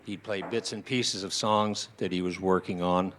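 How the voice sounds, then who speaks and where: A man's voice: sits low, normal speed, slight background noise. A man in his sixties telling personal stories to an audience at a small indoor venue, acting out what his relatives said. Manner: animated, acts out shouted quotes of relatives. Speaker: storyteller at a tribute evening.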